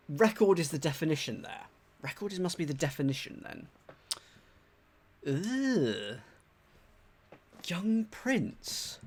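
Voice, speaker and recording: Lively British man thinking aloud. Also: high voice. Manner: chatty and animated, thinks aloud, mutters clues, greets chat. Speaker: streamer solving a crossword. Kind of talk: live-stream chat, thinking aloud.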